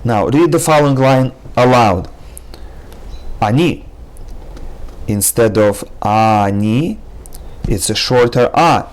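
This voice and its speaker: A man's voice: mid-range voice, animated, normal speed, hardly any pauses. A man teaching a language lesson, patiently explaining each point and repeating every word several times. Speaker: Hebrew teacher. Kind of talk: slow, careful language lesson.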